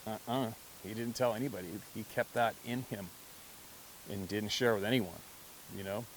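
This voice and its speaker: Man, lowish voice, casual spoken story, swearing, chuckles, faint hiss. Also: moderate pace, rough recording. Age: adult, past mid-twenties. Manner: conversational, profane, laughs often. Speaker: hunter telling encounter stories.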